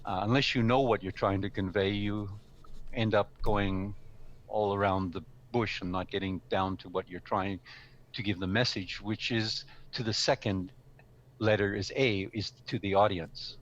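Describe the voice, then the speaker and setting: Lower-voiced man explaining a model. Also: fairly even intonation, dull audio. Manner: measured, explanatory, some fillers. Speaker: speaking club member presenting. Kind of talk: informal talk explaining a model.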